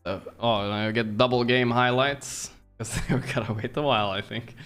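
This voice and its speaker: A man's voice: medium pitch, steady tone, moderate pace, fairly bright tone, clean tone, soft background music. A man hosting a stream in casual chat, loose and profane, drifting into jokey asides on a streaming mic. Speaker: streamer host. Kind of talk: casual chat while co-watching a match.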